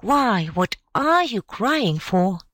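A woman's voice: mid-range voice, very animated, slow, a bit bright, no room sound, pitched above the performer's own voice. A woman reading an audiobook, voicing a poor, loving mother. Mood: fond. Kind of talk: storybook character voice.

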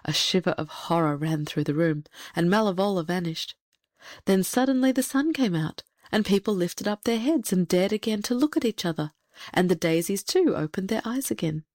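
A woman reading a fairy tale aloud in a steady, expressive storybook manner. Her voice sits in the middle of the range and is recorded close and dry, with no room echo. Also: mid-range voice, moderate pace. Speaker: narrator. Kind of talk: storybook narration.

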